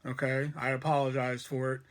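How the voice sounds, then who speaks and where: A meek male store manager speaks quietly and pleadingly, full of apology, as a man imitates him while retelling a story. His voice stays soft and lower than the storyteller's own. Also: little pitch movement, a little fast, close to an everyday voice. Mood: apologetic.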